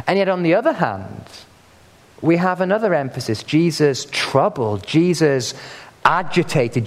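A man preaching a sermon with earnest emphasis, pressing hard on key words. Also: high voice. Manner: earnest, emphatic, building to stressed peaks. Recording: long hall reverb.

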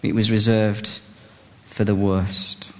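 A man's voice: lowish voice, flat delivery, slow pace, in a large hall. A British man preaching a humorous sermon in a chatty, self-mocking way, full of fillers, building to fervent emphasis. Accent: British English.

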